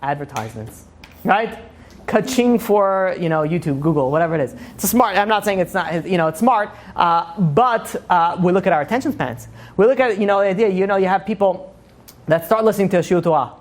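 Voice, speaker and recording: A man, a rabbi, giving a casual, joking Torah lecture to a live class, talking fast and animatedly with lots of "you know". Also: sits high, lively intonation.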